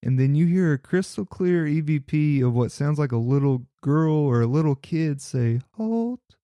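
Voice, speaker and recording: A man's voice: a little high, moderate pace, dark tone, dry recording. A man narrating his own paranormal recordings, earnest and speculative, in a casual voice-over. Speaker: paranormal investigator.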